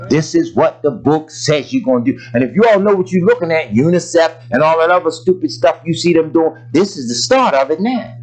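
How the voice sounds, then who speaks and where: Animated man preaching a loose, talky sermon. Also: fairly high pitch, normal speed, poor audio. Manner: lively preaching with loose asides and acted-out quotes; colloquial, talks to the congregation directly.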